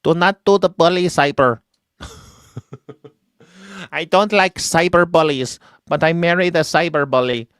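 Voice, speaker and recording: A man's voice: a little high, slow pace, long pauses, a bit bright, smooth, no echo, studio quality, voice pushed up. A man doing a mocking impression of a first lady, speaking in stiff, broken phrases. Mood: prim.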